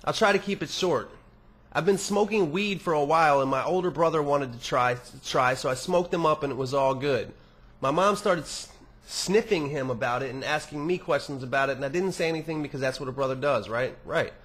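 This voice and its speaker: A man's voice: a little high, a little fast, fairly bright tone, breathy edge. Rambling, profane young male podcaster. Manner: rambling and profane, with many restarts. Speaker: podcast host answering listener emails. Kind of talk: casual podcast monologue.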